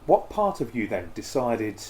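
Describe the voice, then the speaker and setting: A man hosting a podcast, asking his guest questions in a measured, curious way. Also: mid-range voice, big pitch swings, darkish tone, a little hiss or hum. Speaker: podcast host, interviewer. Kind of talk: interview questions.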